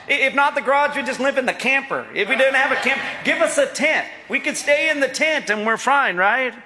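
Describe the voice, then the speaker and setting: A middle-aged man preaches with a high, bright, forceful voice, folksy and joking as he keeps calling to his congregation for an answering "amen". His voice rings out with a long reverb across a large church hall. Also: moderate pace. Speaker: pastor. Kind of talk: sermon. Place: church sanctuary.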